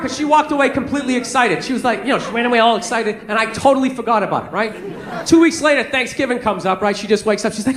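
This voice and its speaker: A man's voice: very high-pitched, noisy background. A man in his forties doing a stand-up comedy routine on stage, ranting and swearing with exasperation. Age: 40s. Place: comedy stage before a live audience. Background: faint audience laughter.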